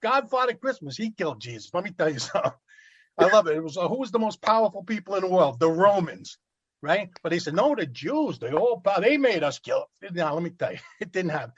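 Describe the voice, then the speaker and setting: A man's voice: high-pitched, expressive, fast, fairly bright tone, no echo, muffled recording. A man roasting in a crude, brash, profane stand-up style, breaking into mock carol snippets. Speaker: roast comedian. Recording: noisy podcast recording.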